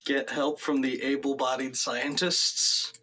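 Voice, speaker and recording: A man playing a tabletop role-playing game, who chips in with quick joking asides. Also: mid-range voice, flat delivery, bright, forceful tone, a little hiss or hum. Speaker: player. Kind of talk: casual tabletop game play.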